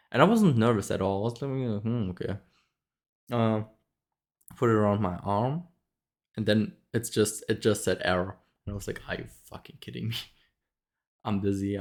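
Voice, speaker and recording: Low-voiced man telling a story casually. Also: a little mellow. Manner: rambling, many fillers and restarts, frequent laughs. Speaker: vlogger.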